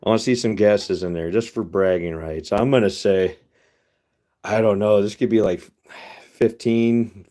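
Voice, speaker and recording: A man's voice: lowish voice, fairly even intonation, a little slow, warm tone. Chatty man livestreaming from a workshop. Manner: chatty, talks straight to viewers as "guys". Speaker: livestreamer casting metal. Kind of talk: casual live commentary to viewers. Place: hot workshop. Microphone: phone livestream.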